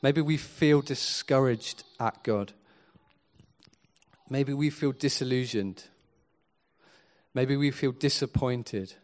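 An earnest male preacher delivers a sermon. His voice sits at an ordinary middle pitch. He shifts between hushed, reflective moments and sudden emphatic swells. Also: slow, pauses often. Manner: earnest, builds from quiet to emphatic.

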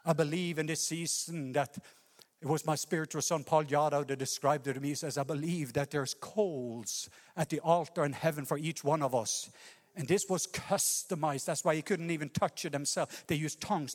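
A Norwegian man preaching a sermon with passion, rising to loud cries and dropping to hushed lines. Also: on the high side, moderate pace, in a large hall. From Norway. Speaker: pastor.

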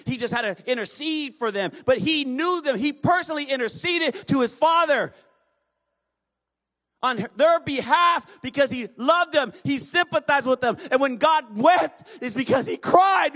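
A pastor preaching a sermon, reading scripture aloud and urging the congregation to respond. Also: male voice, very high voice, pushed and bright.

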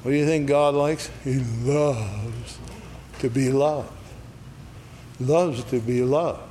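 Slow folksy Sunday school teacher man. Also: mid-range voice, dark tone, slight background noise. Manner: folksy, asks "all right?" after each point. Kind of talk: Bible lesson. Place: church classroom.

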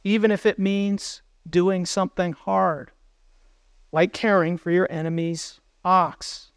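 High, smooth-voiced male pastor preaching. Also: flat delivery, slow pace, no echo. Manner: earnest, asks the congregation questions. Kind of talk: sermon.

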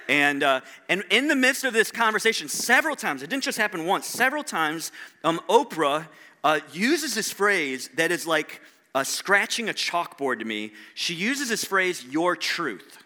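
Middle-aged male pastor, high and tense, chatty sermon full of rhetorical questions. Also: expressive, normal speed, pushed and bright. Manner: conversational preaching with rhetorical questions to the room.

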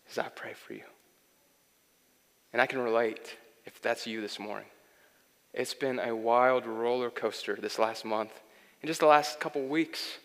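A young man preaching a sermon, earnest, swinging between loud pleading and soft, intimate delivery. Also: medium pitch. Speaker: pastor. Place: church hall. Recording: long hall reverb, faint music.

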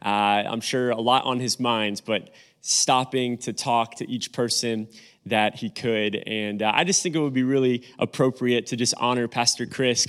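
A man's voice: mid-range voice, steady tone, moderate pace, fairly bright tone, clear, resonant tone. A young man preaching as a guest pastor, chatty and joking with the congregation before his sermon, speaking on a stage mic in a church. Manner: friendly joking banter with congregation. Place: church sanctuary.

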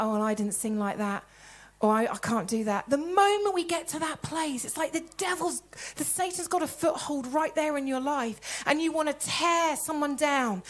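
A woman preaching a sermon in a church, telling stories with lively acted-out conversations. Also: high voice. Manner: animated storytelling, acting out conversations in voices.

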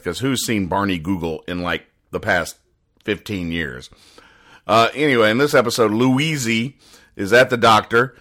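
A man reviewing comic strips in casual commentary, rambling and sighing as he explains each joke deadpan. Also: on the low side.

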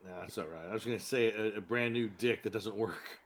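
A man's voice: on the low side, a little fast, a crowd in the background. Joking man chiming in with trivia. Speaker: podcast co-host. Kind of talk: casual comedic chat.

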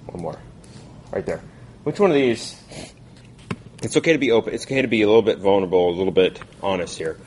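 A man in his thirties leads a group Bible study. His voice sits low, and he talks casually, full of "um"s and restarts. A soft hiss of room noise stays underneath him. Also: lively intonation, fast talker, long pauses. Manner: conversational, with frequent fillers and restarts.

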